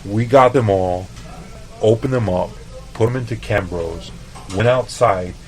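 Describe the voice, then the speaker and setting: A man from El Paso, a chef, telling stories in a loose, profane, animated way on a podcast. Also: lowish voice, unhurried, low-quality recording. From El Paso, Texas. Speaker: chef, interview guest. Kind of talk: casual storytelling.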